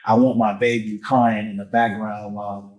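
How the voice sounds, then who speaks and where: A man appearing as a musician guest on a podcast, talking casually in animated street slang and swearing often. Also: fairly low pitch, normal speed, low-quality recording. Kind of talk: casual conversation.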